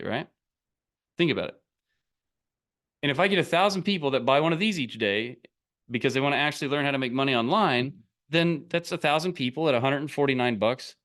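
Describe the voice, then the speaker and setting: A middle-aged man with a slightly high, somewhat bright voice gives a blunt, casual motivational talk coaching people on online business. He rambles and frequently breaks into laughter.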